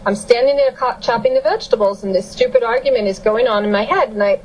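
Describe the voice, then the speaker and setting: Woman guest, higher voice, emphatic storyteller, slight noise under the voice. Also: fast, darkish tone, poor audio. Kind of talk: casual storytelling.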